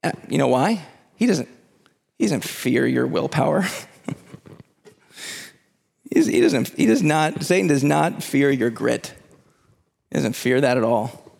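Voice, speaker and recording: A man preaching a sermon as pastor, building to impassioned near-shouts at the climax. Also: medium pitch, sing-song, a little slow, gravelly, pauses often, long reverb tail.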